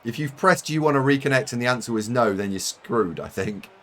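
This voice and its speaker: A man's voice: medium pitch, lively intonation, a little fast, a bit bright. British streamer guy chatting to chat, chatty and self-mocking, voice jumps around a lot. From United Kingdom. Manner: chatty, rambling, self-mocking with frequent laughs. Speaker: game streamer. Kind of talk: live-stream chat while gaming.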